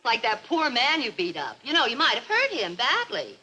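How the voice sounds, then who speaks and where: An actress playing a level-headed friend calming a panicky neighbor in a 1950s TV sitcom. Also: female voice, fairly high pitch, normal speed, exaggerated voice, rough recording. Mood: soothing. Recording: old TV soundtrack with loud studio audience laughter and hiss.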